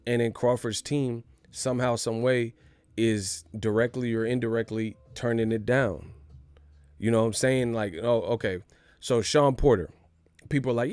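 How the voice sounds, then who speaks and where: Animated, profane man on a dry mic. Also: medium pitch, unhurried, dry recording. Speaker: boxing news host. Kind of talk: casual livestream commentary.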